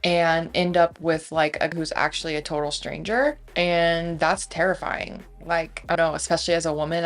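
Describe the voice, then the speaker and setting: Young woman chatting through a recap, voice on the low side, lots of "like". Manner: chatty, heavy use of "like", retells scenes in quotes. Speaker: recap vlogger. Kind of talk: casual recap commentary.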